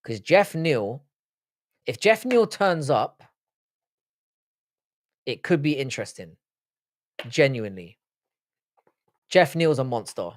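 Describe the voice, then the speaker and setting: Speaking slowly in a sing-song, medium-pitched voice with long pauses, a man runs a live stream where he reads chat comments and responds with casual, swear-laden banter. The sound is dry and studio-clean.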